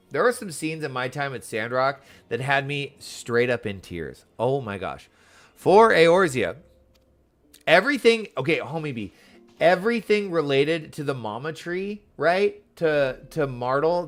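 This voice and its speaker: Man, gaming commentary, gushing, chatty, lively pitch, faint music behind. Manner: gushing and openly emotional, chatty with filler words. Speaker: gaming streamer. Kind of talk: casual let's-play commentary. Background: faint game music.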